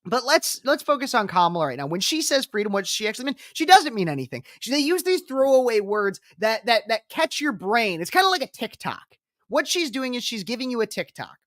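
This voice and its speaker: A woman's voice: a little high, big pitch swings, fairly quick, no room sound, clean studio sound. A woman political commentator reacting to a speech clip, talking in an emphatic, repetitive and combative way.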